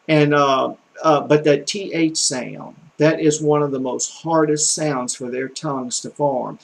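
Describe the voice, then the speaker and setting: A man's voice: on the high side, fairly even intonation, a little slow, creaky, few pauses, rough recording. A middle-aged man with a Southern American accent giving a rambling, folksy language lesson full of fillers and restarts. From Southern United States. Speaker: language tutor.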